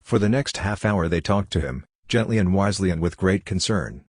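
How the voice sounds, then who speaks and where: A man narrating an audiobook in a measured, even reading style. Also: sits low, breathy edge, no echo, clean studio sound. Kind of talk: scripted narration.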